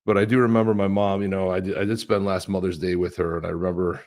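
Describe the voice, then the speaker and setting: A man's voice: low voice, flat delivery, fast talker, a little mellow. A man co-hosting a live-stream show, talking in a rambling, chatty way with lots of restarts. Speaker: co-host. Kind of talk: casual live-stream chat.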